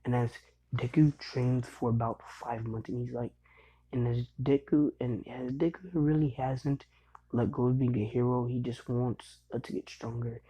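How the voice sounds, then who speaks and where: A man's voice: mid-range voice, steady tone, moderate pace, dark tone, husky, rough recording. A young man casually retelling a fan story in a rambling way, full of fillers and "he's like".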